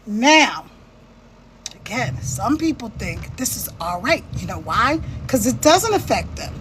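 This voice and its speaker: Passionate woman with a high voice. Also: sing-song, measured pace, fairly bright tone, slight background noise. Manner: passionate, repeats "right?" to check in with listeners. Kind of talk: impassioned monologue.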